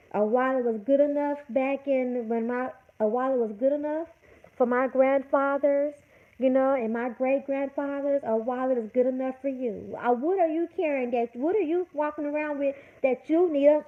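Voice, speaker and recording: A woman's voice: high-pitched, normal speed. A woman hosting a livestream, scolding her chat in an emphatic, repetitive rant. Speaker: livestream host. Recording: tinny phone-like audio.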